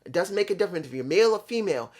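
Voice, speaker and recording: A man's voice: sits high, lively intonation, very fast, a little mellow. A middle-aged man talking earnestly in a casual, rambling monologue, often repeating himself as he explains a point. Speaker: vlog host. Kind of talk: casual monologue on pro wrestling.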